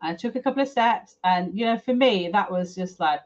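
A woman's voice: mid-range voice, fairly quick, hardly any pauses. Frank middle-aged woman telling her story. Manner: frank, emotional, chatty with fillers. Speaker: guest, property developer. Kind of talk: candid personal storytelling. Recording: slightly dull lo-fi audio.

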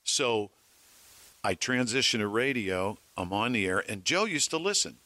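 A middle-aged man spins a broadcast-days anecdote with a lively, swinging delivery. His voice is bright and forward. The sound is dry and close. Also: on the low side, normal speed, no room sound. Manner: animated anecdote-telling, acting out phone calls. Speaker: former TV weatherman and radio host. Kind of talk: casual storytelling among colleagues.

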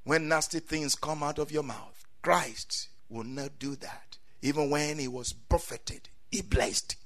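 A man preaching a sermon, swinging from quiet asides to loud cries and saying amen often. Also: fairly high pitch, steady tone, a little slow, hardly any pauses.

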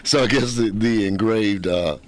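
A man's voice: fairly low pitch, moderate pace, a little hiss or hum. A man hosting a radio show, telling stories in a joking, laughing way. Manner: joking, laughing often, animated storytelling. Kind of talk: casual radio banter.

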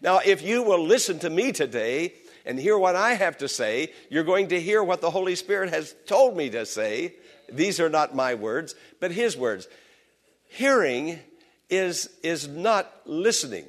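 A man's voice: on the high side, sing-song, a little slow. Passionate preaching man, church service. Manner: passionate preaching, voice swells and drops. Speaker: pastor. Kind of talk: sermon. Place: church sanctuary.

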